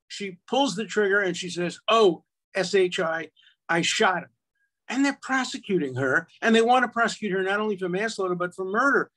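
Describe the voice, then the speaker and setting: A man's voice: sits high, pushed and bright. An older man, an attorney and law professor, arguing emphatically in casual conversation with frequent restarts.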